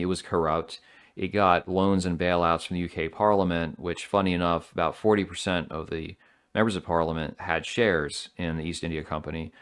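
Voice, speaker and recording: A man's voice: deep voice, clear, resonant tone. A man giving opinionated solo commentary in a blunt, sardonic, rambling way.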